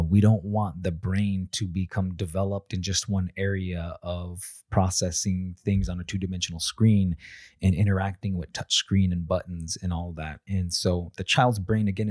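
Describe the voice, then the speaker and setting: Deep-voiced man, calm and measured. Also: dry recording, studio quality. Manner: measured, repeats words as he thinks. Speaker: father sharing parenting traditions. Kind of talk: reflective talk.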